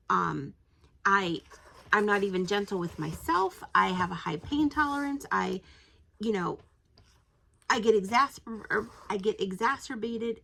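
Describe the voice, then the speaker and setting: A woman's voice: mid-range voice, vocal fry, fairly bright tone. A woman hosting a devotional podcast, reading scripture aloud and then reflecting casually, thinking aloud with frequent restarts and self-corrections.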